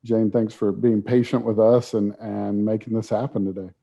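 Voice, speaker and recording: A man co-hosting a podcast, introducing a guest in a chatty, halting way with fillers. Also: lowish voice, flat delivery, creaky, dark tone. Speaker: podcast co-host. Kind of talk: casual chat, introducing a guest. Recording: dull lo-fi audio.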